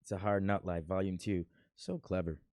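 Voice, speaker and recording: Playful boastful man, low dry voice. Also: steady tone, normal speed, a little mellow, no room sound. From Milwaukee, USA. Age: 30s. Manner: playful, boastful, rambling with fillers. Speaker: host reacting to his old video. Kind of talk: casual reaction commentary.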